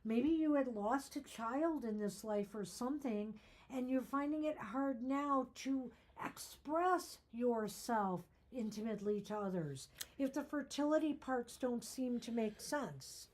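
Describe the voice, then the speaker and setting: A woman co-hosting a tarot broadcast. She reads card meanings aloud and explains them earnestly, with her voice getting hoarse. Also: a little high, lively intonation, measured pace, darkish tone. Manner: earnest, explanatory, reflective asides. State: losing her voice. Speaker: tarot reader and co-host.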